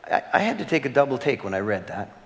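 A man's voice: mid-range voice, big pitch swings. Man preaching in a reverberant hall. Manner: earnest preaching with repeated phrases and long dramatic pauses. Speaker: pastor. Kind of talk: sermon.

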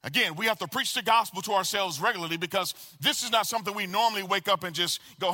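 A man preaching a sermon as pastor, animated and calling out to the congregation for responses. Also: high voice, fast, hardly any pauses. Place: church sanctuary. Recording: long reverb of a large hall.

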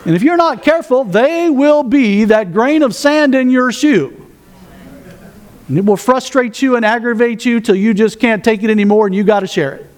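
A man's voice: very high voice, moderate pace. A man pastor preaching a sermon, folksy with joking asides, reading scripture aloud.

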